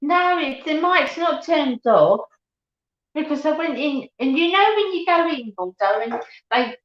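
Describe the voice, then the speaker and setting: A middle-aged woman chats with her viewers on a home live stream, laughing often and greeting them by name. Her voice sits a little high and she talks at a slow, unhurried pace. The sound is dull and roomy, the way a built-in device mic picks up a room at home. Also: animated, a bit bright. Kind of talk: casual live chat with viewers.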